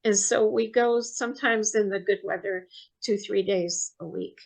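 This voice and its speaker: A woman telling a personal story in a casual interview, soft-spoken and halting, often restarting her sentences. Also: mid-range voice, gravelly, poor audio. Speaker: guest storyteller.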